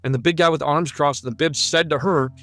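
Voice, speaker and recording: A man's voice: on the high side, steady tone, fast talker, fairly bright tone, no room sound. A man telling his own near-death story in an earnest, vivid and emphatic way. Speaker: guest sharing a near-death testimony. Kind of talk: personal testimony storytelling.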